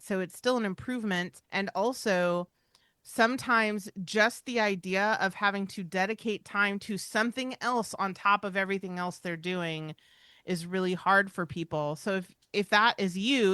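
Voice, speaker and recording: A woman's voice: medium pitch, normal speed, bright, forceful tone, clear, resonant tone, no echo, studio quality. A woman co-hosting a podcast about dog training, talking in an emphatic, reassuring, chatty way. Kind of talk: casual podcast chat.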